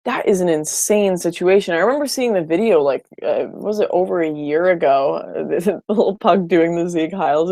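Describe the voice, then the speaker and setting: A woman's voice: fairly low pitch, a little fast, few pauses, a little mellow, no room sound, studio quality. A woman hosting a casual livestream, answering viewer comments in a blunt, opinionated way with frequent restarts. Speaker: livestream host.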